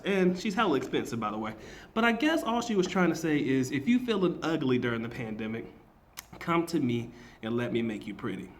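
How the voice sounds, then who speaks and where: A man's voice: mid-range voice, fairly bright tone. A man, a marketing teacher, giving a slangy, casual reaction commentary, emphatic and often laughing.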